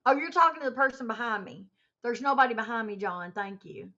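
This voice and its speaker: A woman hosts a casual livestream, spinning an animated story and answering chat comments along the way. Her voice sits a touch high. The audio is dull and muffled, like a basic stream mic. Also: fast talker. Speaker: livestream host.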